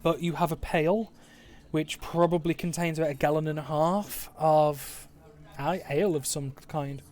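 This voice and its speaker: English West Midlands man, game master, casual swearer, rambling, higher register. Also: fairly even intonation, moderate pace, a little mellow. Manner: swearing, laid-back, rambling. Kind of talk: narrating a tabletop game online. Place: home, online session.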